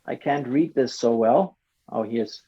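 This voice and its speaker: A man coaching a group in a lively way, acting out short quoted lines as he explains. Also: medium pitch, measured pace, breathy edge, dull audio.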